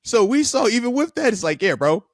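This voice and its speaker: A man hosting casual sports talk, animated and emphatic, repeating himself when he gets worked up. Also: very high voice, fairly quick, dry recording, clean studio sound. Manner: animated, frustrated, emphatic repetition. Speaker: podcast host, former linebacker.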